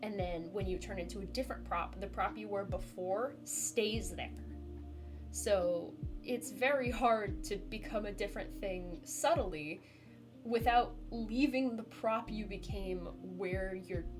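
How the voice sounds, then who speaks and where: A woman streamer telling a story to her chat in a chatty, animated way, laughing often and filling with "like". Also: mid-range voice. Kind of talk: casual storytelling to a live chat.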